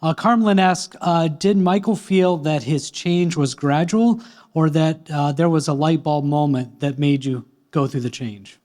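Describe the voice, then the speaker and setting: A man moderating the Q and A, reading out online questions with relaxed hesitant fillers. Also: on the high side, a little slow.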